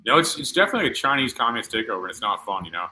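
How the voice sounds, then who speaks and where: A man's voice: mid-range voice, sing-song, rapid-fire, background noise. A man hosting a casual podcast chat, rambling and profane, packing his talk with filler words.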